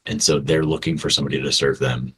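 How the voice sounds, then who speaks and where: A man's voice: rumbling low, level tone, fast, bright, forceful tone, a little hiss or hum, low-quality recording. A man co-hosting a podcast, talking earnestly and directly to listeners in a heartfelt conversation. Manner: earnest, speaks straight to listeners. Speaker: podcast co-host.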